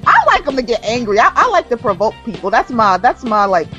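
A woman's voice: fairly high pitch, big pitch swings, fairly quick, bright, forceful tone, lo-fi sound, faint music behind. A woman in casual chat, emphatic and playful, laughing often.

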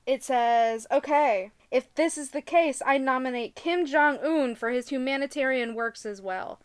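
High-voiced and clean in tone, this young podcast co-host speaks a little slowly while sharing giggly work stories in a casual chat, reading from her notes as she goes. The recording is dry.

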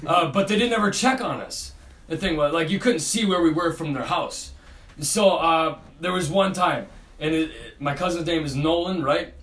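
Young man, high and bright-toned, crude laughing storyteller, a bit far from the mic in a roomy space. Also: normal speed. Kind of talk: casual podcast chat. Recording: echoey room, distant mic, faint noise.

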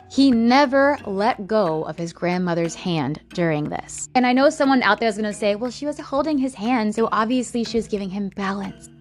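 Woman, storyteller, casual, blunt, swears, somewhat high voice, faint music behind. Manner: chatty, blunt, swears freely. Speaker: storyteller host. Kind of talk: casual true-crime storytelling.

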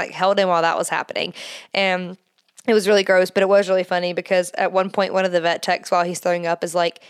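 A woman's voice: medium pitch, clean tone. A woman podcast host telling a rambling, casual story, full of fillers and laughing as she talks. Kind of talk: casual chat.

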